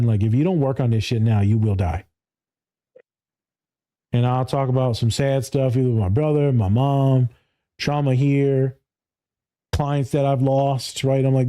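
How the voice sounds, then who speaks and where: A male therapist talking on a podcast in a blunt, profane way. He laughs often and mimics his clients in higher voices. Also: warm tone. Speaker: therapist and speaker. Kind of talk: casual podcast conversation.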